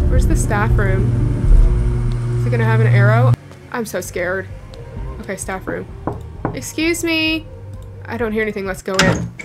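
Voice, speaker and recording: A woman playing a horror game and giving casual commentary, sarcastic and joking as she goes. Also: medium pitch. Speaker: gameplay commentator.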